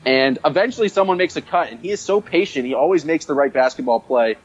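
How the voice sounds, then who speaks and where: A man's voice: on the high side, fast talker. A man co-hosting a casual sports podcast, talking with enthusiasm and rambling through fillers. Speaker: podcast co-host. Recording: dull, dry lo-fi sound.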